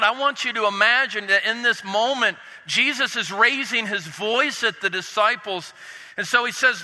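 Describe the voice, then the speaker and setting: A man preaching a sermon with drama, dropping his voice low and soft to stress points. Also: animated, normal speed, in a large hall, low-quality recording. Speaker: pastor.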